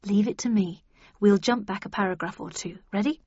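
A woman's voice: medium pitch, fairly quick, a little mellow, slightly rough, no room sound, lo-fi sound, natural voice. A woman voicing a level-headed woman agent in an audiobook, firm and coaxing in conversation.

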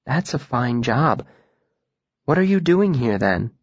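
Guy doing a soft-spoken young woman, low and soothing, matter-of-fact, dry muffled audiobook sound. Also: lively intonation, moderate pace, slightly rough, dry recording. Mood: gentle, soothing.

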